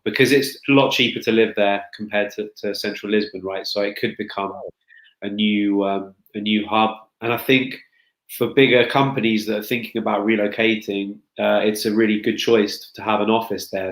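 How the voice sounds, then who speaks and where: A man with a fairly low voice chats casually as a guest consultant, restarting sentences often. His voice sounds roomy, with a noticeable echo around it. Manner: chatty, many restarts and fillers. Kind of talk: casual chat.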